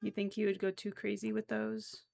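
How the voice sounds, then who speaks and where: A woman's voice: medium pitch, completely flat delivery, normal speed, creaky, a little mellow, soft background music. A young woman chatting casually with her stream while crocheting, giggly and given to frequent exclamations.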